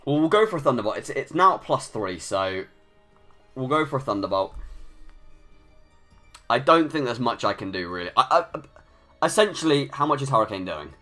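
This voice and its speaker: A man's voice: mid-range voice, big pitch swings, normal speed, long pauses, sharp tone, faint music behind. A young man giving live commentary over a video game. He thinks aloud, restarts his sentences often and rants when things go against him. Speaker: gaming YouTuber.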